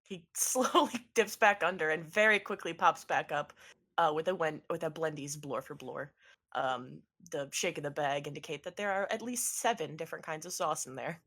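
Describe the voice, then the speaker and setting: A woman game master narrating a tabletop game, her voice sitting a bit low. She talks chatty and loose, with lots of ums and laughs. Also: normal speed, a bit bright, slightly rough.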